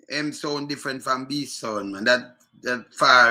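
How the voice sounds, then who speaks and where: A man's voice: medium pitch, normal speed, pushed and bright. A man with a Jamaican accent giving casual commentary, arguing his point over and over and chuckling as he goes. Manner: argumentative, repeats himself, chuckles often.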